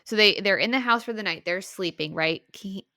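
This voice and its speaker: A woman co-hosting a podcast, retelling a book's chapter in an animated, casual way full of "like" and "right?". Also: mid-range voice, normal speed, no echo, studio quality. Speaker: podcast co-host. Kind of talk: casual book-review chat.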